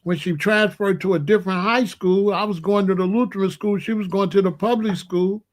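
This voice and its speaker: Family stories come from a late-sixties male show host in a brisk, casual monologue. He has a high voice with fairly even intonation, and his talk is streetwise, boastful and slangy.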